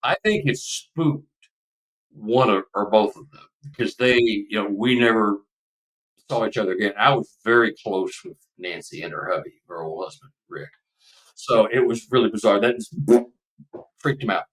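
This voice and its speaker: A man's voice: on the low side, normal speed, fairly bright tone, far from the mic, poor audio. A man in his seventies from Texas, a podcast guest telling a personal story in a casual, emotional, rambling way.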